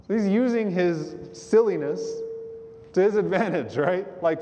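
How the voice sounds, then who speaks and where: A man giving a sermon to a live audience, animated, acting out the quotes in his stories and quizzing the crowd. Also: sits high, a little slow. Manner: animated, acts out quotes, asks the audience questions. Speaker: preacher. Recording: long hall reverb.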